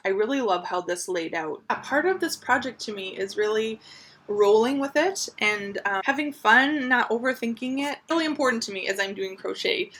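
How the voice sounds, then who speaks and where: Woman, crochet vlogger, breathy, upbeat, chatty show-and-tell. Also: fairly high pitch, a bit bright. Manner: chatty, upbeat, lots of fillers.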